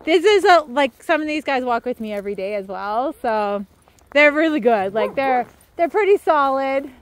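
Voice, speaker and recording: A woman out on a trail with a big group of dogs, chatting casually to the camera. Her voice sits high and swoops all over as she switches into a sing-song tone to praise and call the pack. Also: animated, moderate pace, a little hiss or hum. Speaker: dog walker. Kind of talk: casual vlog narration while walking dogs. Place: outdoors on a trail near a river.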